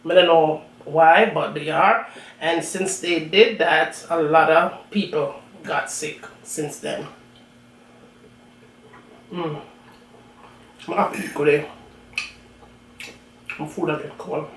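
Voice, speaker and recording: A woman's voice: low voice, fairly even intonation, slow pace, long pauses. A woman from Jamaica with a strong Jamaican accent, chatting casually with viewers while she eats on her cooking channel. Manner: chatty, talks between bites. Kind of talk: casual chat while eating. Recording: roomy echo, mic at a distance, faint room noise.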